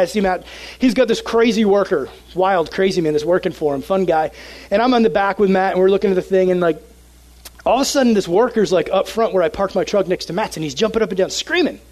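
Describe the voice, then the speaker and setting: A young man preaching to a youth group, telling a story with lively, animated energy. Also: sits high, rough recording. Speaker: youth pastor. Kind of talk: sermon with a personal story.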